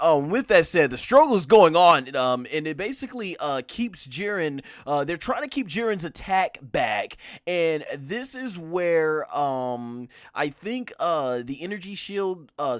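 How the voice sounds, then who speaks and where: A man's voice: a little high, a bit bright, no echo, clean studio sound. A man co-hosting a casual review discussion, recapping scenes with many fillers. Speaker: anime reviewer, co-host.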